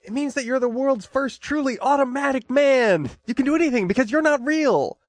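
A man's voice: very high voice, expressive, fairly quick, no echo, voice pushed up. A man reading a nervous male inventor who is wary of his creation, in a comic scene read-through. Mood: wry.

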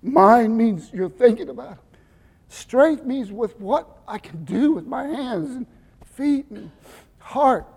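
An older man preaches with a high-pitched voice that rings through a long-reverb church hall. He quizzes the congregation and fills in the answers himself. His delivery swings from forceful emphasis to quiet, intimate asides. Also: husky. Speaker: pastor. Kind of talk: sermon.

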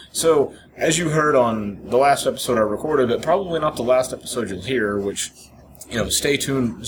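A man co-hosting a podcast, rambling through a story in casual chat, often laughing and acting out bits. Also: fairly low pitch. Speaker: podcast co-host. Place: hotel lobby. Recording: noisy lobby ambience.

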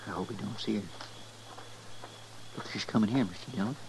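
A folksy, worried sidekick. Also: male voice, on the low side, fairly quick, creaky, background noise. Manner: folksy, ungrammatical, worried chatter. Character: folksy, simple-hearted male deputy sidekick. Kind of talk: 1950s radio drama acting.

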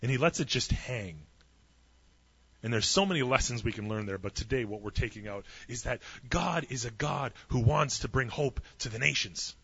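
A man's voice: mid-range voice, animated, normal speed, vocal fry, a bit bright, husky, highs cut off. A man preaching a sermon, retelling a story with humorous asides and acting out the voices in it. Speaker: pastor.

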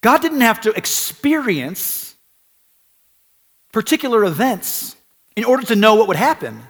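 Guy preaching a sermon, kinda high voice, repeats stuff for emphasis, big echoey church. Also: sing-song, unhurried, a bit bright. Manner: earnest, conversational, repeats phrases for emphasis. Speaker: pastor.

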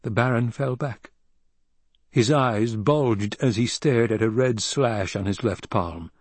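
Man, audiobook narrator, husky, dry, steady. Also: medium pitch, takes it slowly, no echo. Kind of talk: scripted narration.

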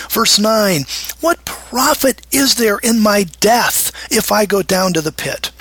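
A man's voice: high-pitched, animated, a little slow, fairly bright tone, breathy edge. A middle-aged man teaching from the Bible in a sermon, emphatic, acting out prayers in a raised, pleading voice.

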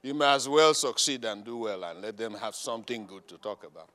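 Animated preaching man in a reverberant hall. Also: a little fast. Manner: animated, swings from shouting to low murmurs. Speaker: pastor. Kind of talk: sermon. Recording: long reverb of a large hall.

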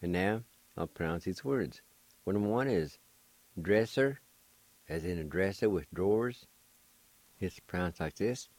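A man with a deep, low voice teaches vocabulary in an unhurried, careful way, spelling each word and saying it again several times. He sounds patient and encouraging. The sound is close and dry, with little room to it. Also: animated, a little mellow, no room sound. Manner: slow, deliberate spelling and repeated pronunciation. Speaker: language teacher and host. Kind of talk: radio language lesson.

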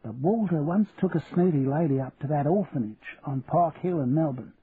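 Brief: older countrywoman, meek and gentle, voiced high by a male reader, phone-thin sound. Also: moderate pace, breathy edge. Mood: hushed. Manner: raised and soft-spoken. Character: timid older wife, humble and kindly. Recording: tinny lo-fi radio recording, faint hiss.

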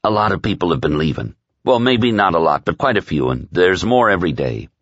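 A man reading aloud and voicing a nervous, miserable male crony who speaks in a hesitant, subdued, low way. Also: big pitch swings, a little fast, a bit bright, no echo, lo-fi sound, full character voice. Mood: anxious.

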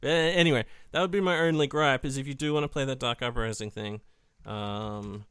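A man's voice: mid-range voice, a little fast, fairly bright tone, clear, resonant tone, dry recording. A man co-hosting a casual hobby chat, rambling with many fillers and swearing. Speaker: podcast co-host.

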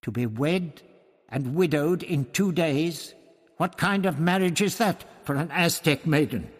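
A man's voice: a little high, unhurried, big-room sound, pitched above the performer's own voice. A man voicing a firm, defiant woman. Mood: probing. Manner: firm, commanding. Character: fierce resolute woman history teacher.

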